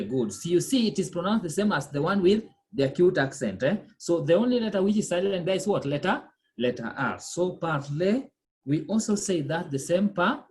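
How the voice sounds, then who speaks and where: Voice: medium pitch, darkish tone. A language teacher giving a pronunciation lesson, quizzing the class, repeating words patiently and checking in with "okay?" and "eh?".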